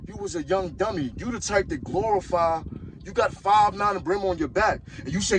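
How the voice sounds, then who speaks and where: A man's voice: sits high, animated, moderate pace, slight background noise, rough recording. A man from Harlem, hosting a podcast and delivering a blunt, mocking rant. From Harlem, New York. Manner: blunt, mocking, heated street talk. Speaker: podcast host. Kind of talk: ranting commentary.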